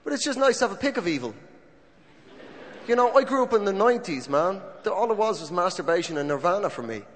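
A man's voice: high voice, sing-song, fast talker. A man doing stand-up comedy on stage, musing with rhetorical questions. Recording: long hall reverb, faint noise.

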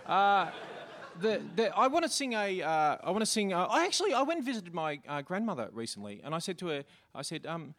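A man's voice: high-pitched, big pitch swings, brisk, a bit bright. A man doing stand-up on a live stage, rambling and stumbling through self-mocking one-liners. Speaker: stand-up comedian. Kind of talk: stand-up comedy.

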